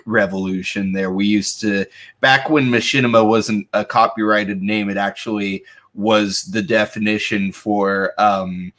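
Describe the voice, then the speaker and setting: A man's voice: fairly low pitch, fairly bright tone. A man, a voice actor guest, chatting thoughtfully with hesitant fillers over a video call. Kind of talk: casual panel chat.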